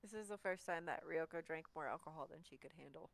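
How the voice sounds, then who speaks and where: A woman at a tabletop game explains her character in a halting way, restarting as she goes. Her voice sits on the low side. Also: creaky, no room sound. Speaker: player.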